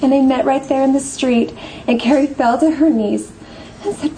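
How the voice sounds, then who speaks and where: A woman's voice: sits high, moderate pace, dark tone, slight background noise, poor audio. A woman giving a heartfelt, earnest speech, telling a personal story with repeated phrases. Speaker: guest speaker.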